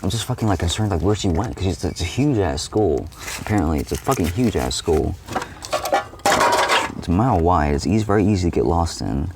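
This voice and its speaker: A young man streaming describes a dream in a rambling, casual way, talking a little fast in a low, expressive voice. He uses "like" heavily, swears frequently, and keeps restarting, with heavy background noise behind him.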